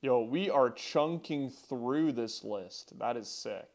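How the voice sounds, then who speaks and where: A young entrepreneur vlogs casually about his business in a darkish, medium-pitched voice at a slow pace. He rambles, swears, and keeps restarting his sentences.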